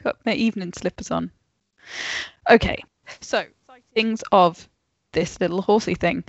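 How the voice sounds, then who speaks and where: A woman co-hosting a podcast over a video call, reading facts aloud in a casual, unhurried way and laughing off interruptions. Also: fairly low pitch, steady tone, vocal fry, dry recording. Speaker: podcast co-host telling the story. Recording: dull lo-fi call audio.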